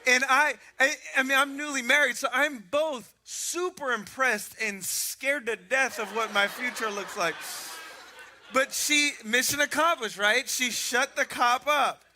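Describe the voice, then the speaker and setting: A pastor delivers his sermon in a high voice with a very bright, sharp edge. He tells animated stories and pokes fun at himself along the way. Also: a little slow, slight background noise. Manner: animated storytelling with self-mocking humor.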